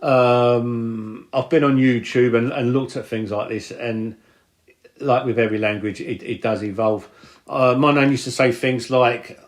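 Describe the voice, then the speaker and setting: A man's voice: medium pitch, fairly even intonation, measured pace. A man with a London working-class accent, hosting a podcast in casual conversation, earnest and reflective, often agreeing. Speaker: podcast host.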